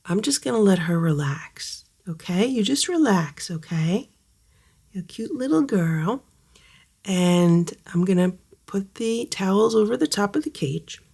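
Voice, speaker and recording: A woman vlogging a kitten rescue at home, talking softly and coaxing the kitten in sing-song baby talk. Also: mid-range voice, vocal fry. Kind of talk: casual vlog narration and coaxing a kitten. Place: home, indoors by a cage.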